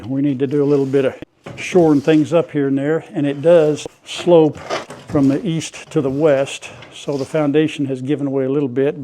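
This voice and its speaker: A man's voice: fairly high pitch, dark tone, slight background noise. An older man narrating casually to viewers as he cleans out an old farm building, in a folksy, chatty way. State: coughing from dust at times. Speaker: farm vlogger. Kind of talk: casual narration while working. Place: old farm outbuilding and yard.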